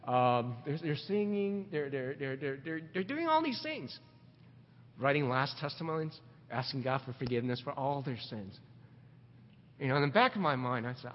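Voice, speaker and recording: A middle-aged man preaching a sermon, animated, asking rhetorical questions and repeating words as he builds his points. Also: medium pitch. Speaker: pastor. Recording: dull recording with long hall reverb.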